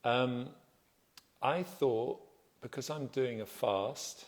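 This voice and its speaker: Soft-spoken man hosting a livestream. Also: medium pitch, takes it slowly. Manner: chatty, greets viewers and reads out their comments; relaxed, soft-spoken, self-deprecating. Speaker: livestream host. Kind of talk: casual livestream chat. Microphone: phone livestream.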